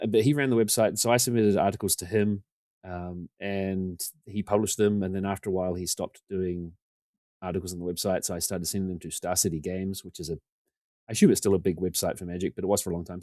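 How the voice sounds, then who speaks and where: A New man, low voice, fast rambling yarn. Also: fairly even intonation, darkish tone, no room sound. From New Zealand. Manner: rambling, self-deprecating, acts out quotes. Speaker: podcast guest. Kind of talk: casual storytelling.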